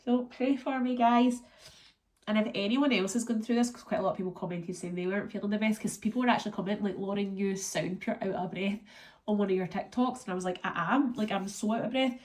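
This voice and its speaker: A woman's voice: mid-range voice, fast, darkish tone. Chatty Scottish woman with a cold. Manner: chatty, rambling, lots of fillers. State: congested and run down from illness. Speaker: vlogger. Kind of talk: casual vlog chat.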